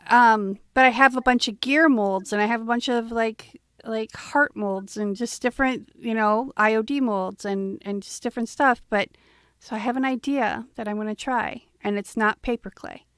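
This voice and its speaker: A woman with a smooth, fairly high voice hosts a casual art livestream. She rambles a little and thinks out loud, with plenty of fillers, and her voice sounds dry and close. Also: normal speed, no room sound. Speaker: livestream host and artist.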